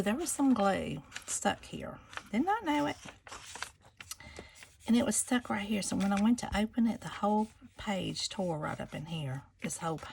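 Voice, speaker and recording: Chatty woman for a crafting vlog, gushing, with a gravelly fry in the voice. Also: mid-range voice, a little hiss or hum. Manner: gushing, chatty, addresses viewers as y'all. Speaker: craft seller showing planners. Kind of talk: casual show-and-tell vlog.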